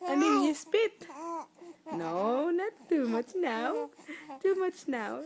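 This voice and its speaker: A woman's voice: high voice, sing-song, takes it slowly. A woman talking baby talk to her infant son, cooing and asking the same short questions over and over.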